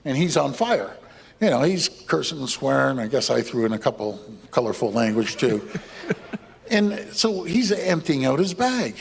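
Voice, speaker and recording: Gravelly man telling a story in a hall. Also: a little high. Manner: animated storytelling, laughing. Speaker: politician. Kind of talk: anecdote told at an event. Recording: echoey hall, heard from a distance.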